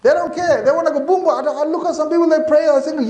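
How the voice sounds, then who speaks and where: British man, lively islamic talk, high fast voice, mellow tone, echoey hall. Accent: British English. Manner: animated, demonstrative, chants and recites between points. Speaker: religious teacher. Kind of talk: Islamic talk with chanted remembrance.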